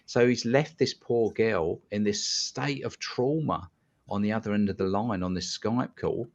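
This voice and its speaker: Blunt man, low voice, lo-fi. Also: a little slow, vocal fry. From London, England. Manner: blunt, animated storyteller who swears casually. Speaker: guest hypnotist. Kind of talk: casual podcast storytelling. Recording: dull lo-fi sound.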